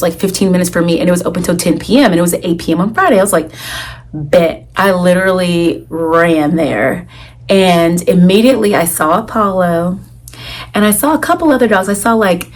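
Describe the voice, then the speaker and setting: Young woman vlogging, chatty storytime voice, lots of "like", middle pitch. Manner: chatty, animated retelling with lots of "like" and quoted dialogue. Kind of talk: casual storytelling to camera.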